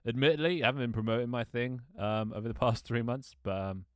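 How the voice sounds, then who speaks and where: A man's voice: medium pitch, fast, clean tone, dry recording, studio quality. A man with an English accent, chatting casually as a streamer, rambling and jokey and swearing freely. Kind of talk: casual live-stream chat.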